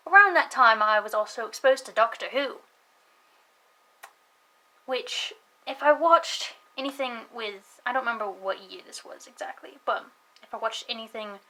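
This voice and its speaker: A woman's voice: fairly high pitch, bright, forceful tone, low-quality recording. A young woman from the United States with a British-sounding accent, telling a rambling story to camera, giggling, swearing and dropping into whispers now and then. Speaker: vlogger.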